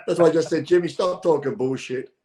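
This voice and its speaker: A man's voice: fairly high pitch, moderate pace, darkish tone. A man chatting as a guest, telling stories with quoted voices and swearing freely. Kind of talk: casual chat, storytelling.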